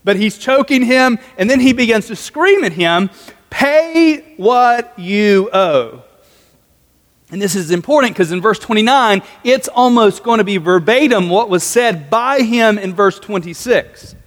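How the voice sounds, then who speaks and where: A man preaching a sermon as a pastor in a relaxed, conversational way, with jokey asides. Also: high voice, normal speed, hardly any pauses. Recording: long hall reverb.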